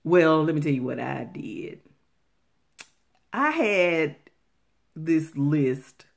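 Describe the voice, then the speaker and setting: A woman's voice: sits low, expressive, extremely slow, vocal fry. A woman giving earnest, Bible-based relationship advice to her viewers, talking to them directly and repeating phrases for emphasis. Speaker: faith-based relationship vlogger.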